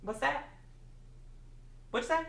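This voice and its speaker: A woman vlogger telling a storytime rant in a sassy, profane, animated way, acting out both sides of the exchange. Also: high-pitched, takes it slowly, vocal fry. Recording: roomy echo.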